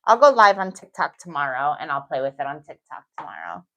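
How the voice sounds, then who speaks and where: A woman's voice: low voice, huge pitch swings, a little fast, vocal fry, bright, forceful tone. A middle-aged woman with a New York accent, chatting casually and reassuringly as she demonstrates a nail technique while thinking aloud. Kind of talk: casual tutorial talk.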